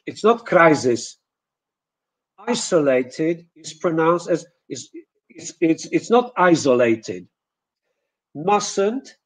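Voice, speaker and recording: Slow, deliberate male pronunciation teacher. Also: sits high, a little mellow, poor audio. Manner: repeats example words slowly to demonstrate sounds; hesitant, with frequent fillers and self-corrections. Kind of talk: webinar lesson.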